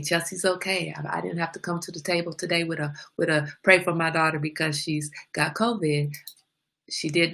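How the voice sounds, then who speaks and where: A middle-aged woman hosting a casual live-stream talk, animated and laughing often. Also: low voice, vocal fry, slightly rough.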